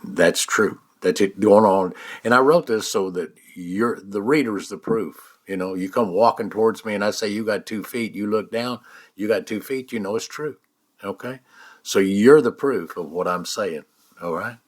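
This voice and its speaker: A man, guiding an eyes-closed mind exercise in a folksy way, checking in with "all right?" again and again. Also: on the low side. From United States. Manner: slow, soft-spoken guidance. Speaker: author teaching a mind exercise.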